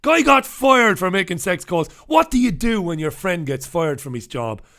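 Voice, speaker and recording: Man, raised pitch, crude chatty storytelling, live show host. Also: very animated, normal speed, bright, forceful tone. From Ireland. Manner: profane, laughing, rambling anecdotal delivery.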